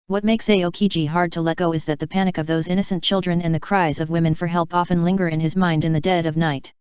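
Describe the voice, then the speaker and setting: Woman audiobook narrator, plain reading, low voice, dry muffled audio. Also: a little mellow, smooth, no echo.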